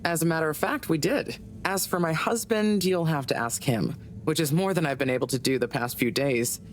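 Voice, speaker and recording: Actress for a low-pitched, chatty middle-aged woman who says too much, game character. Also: a little fast, slight background noise, lightly acted. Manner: chatty, gossipy. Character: chatty, indiscreet married woman scientist.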